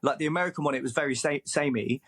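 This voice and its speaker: A man's voice: a little high, racing, slightly rough. A man co-hosting a podcast, chatting casually and animatedly, laughing often as he talks about a reality show. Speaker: podcast co-host. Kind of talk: casual chat.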